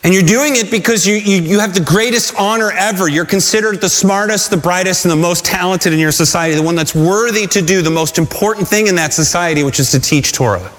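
A man preaching a sermon, telling stories with animated energy and asking the congregation rhetorical questions. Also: high voice, brisk, hardly any pauses, in a large hall. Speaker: pastor.

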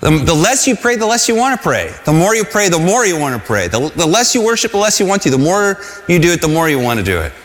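Speaking fast with few pauses, this pastor has a high-sitting, very animated voice. He preaches earnestly, repeating phrases and asking the congregation to say lines back with him, all in a long hall reverb.

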